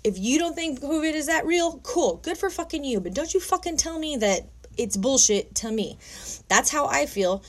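Young woman w/ a high voice going off, angry rant, cussing a lot. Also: lively intonation, moderate pace. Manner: heated, profane, emphatic ranting. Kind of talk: angry personal rant to camera.

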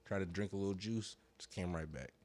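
A man telling a long, profane story in casual podcast chat, rambling, full of slang and sounding high. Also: fairly quick, darkish tone. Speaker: podcast co-host.

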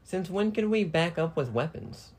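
A woman playing a horror game on stream, chatting casually, swearing freely and letting out loud outbursts. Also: fairly low pitch, animated, normal speed, over a noisy crowd. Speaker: let's play host on the controller. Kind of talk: casual gameplay chat.

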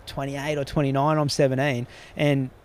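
A man's voice: medium pitch, level tone, moderate pace, clear, resonant tone. An Australian man talking as a podcast guest, rambling through stories and swearing freely in casual conversation.

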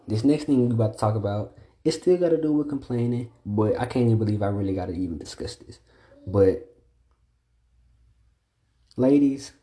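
A man's voice: on the low side, warm tone. A young man hosting a solo podcast, speaking in with a blunt, profane, ranting delivery that keeps building emphasis. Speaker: podcast host. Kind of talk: solo casual podcast monologue.

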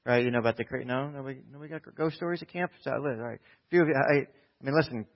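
Man from New Jersey preaching a sermon, middle pitch, shifting between soft asides and rousing calls, muffled lo-fi sound. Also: fast talker. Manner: conversational, swings from quiet asides to loud exhortation. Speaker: pastor.

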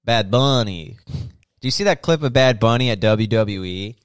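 A man's voice: on the low side, normal speed, clear, resonant tone, dry recording, studio quality. A young man co-hosting a podcast, chatting loosely and profanely and often slipping into mock voices. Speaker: podcast co-host. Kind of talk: casual chat.

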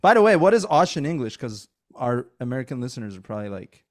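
A man's voice: medium pitch, big pitch swings, quick pace. A man hosting a podcast in casual, joking chat, laughing often and trailing off mid-sentence. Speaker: podcast host.

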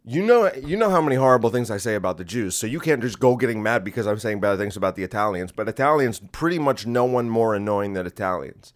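A man's voice: fairly low pitch, lively intonation, quick pace, hardly any pauses. Guy ranting on his podcast, rambling and kinda combative, talks right at you. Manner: rambling, combative, talking to the listener. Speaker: podcast host. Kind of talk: casual comedic rant. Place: home room in a creaky chair.

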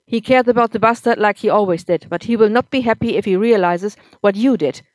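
A woman reading as an angry drunken husband, loud and harsh. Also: mid-range voice, fairly quick, no room sound, natural voice. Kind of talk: audiobook-style story reading.

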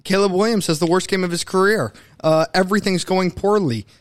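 A young man co-hosting a casual sports talk show, animated and opinionated. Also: sits high, brisk, no room sound, studio quality. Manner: animated, opinionated, mimics coaches mid-rant. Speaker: sports podcast co-host.

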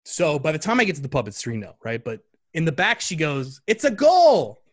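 A man telling a story in a casual chat, animated and full of fillers. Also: fairly high pitch, brisk. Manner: animated, chatty, many fillers.

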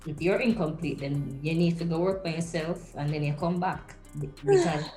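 A woman, co-hosting a podcast and telling a lively story in casual chat, slipping into patois. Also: deep voice, normal speed, faint music behind. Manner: animated storytelling with slips into patois. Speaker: podcast co-host. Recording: roomy echo.

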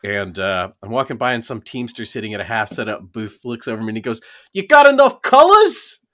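A man's voice: on the low side, fast talker. A man who is a guest on a podcast and works as a voice actor, telling anecdotes in a playful, casual way. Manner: lively, playful anecdote teller. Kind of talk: casual storytelling chat.

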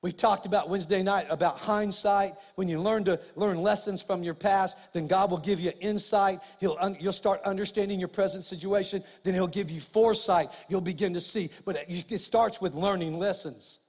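A middle-aged male pastor preaching a sermon, animated, swinging between loud emphasis and quiet asides. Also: high-pitched, normal speed, few pauses, big-room sound.

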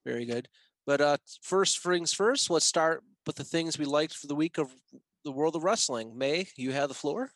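A man's voice: a little high, expressive, moderate pace, a bit bright, dry recording. A man co-hosting a casual podcast, upbeat and laughing easily as he leads the show. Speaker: podcast co-host.

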